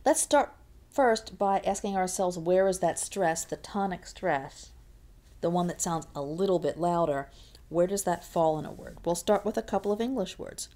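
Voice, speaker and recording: A woman's voice: on the low side, normal speed, mellow. A woman teaching a Spanish lesson, patiently repeating words to model their stress. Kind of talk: classroom lesson explanation.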